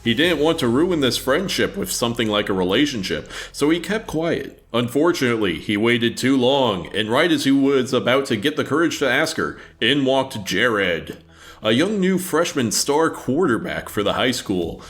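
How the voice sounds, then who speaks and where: A man's voice: mid-range voice, sing-song, normal speed, fairly bright tone. A young man reading a story aloud on a comedy podcast, playful and theatrical, often laughing.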